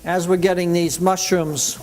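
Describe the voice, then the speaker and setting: A man's voice: high-pitched, flat delivery, measured pace, slight background noise. A man hosting a cooking show, chatting enthusiastically as he explains each step. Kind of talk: cooking demonstration.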